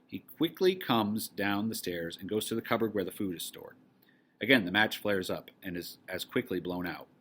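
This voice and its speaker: Male teacher, low husky voice, reads a play's stage directions to his class. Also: normal speed. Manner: casual and encouraging, then steady narration. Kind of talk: reading a play aloud to a class.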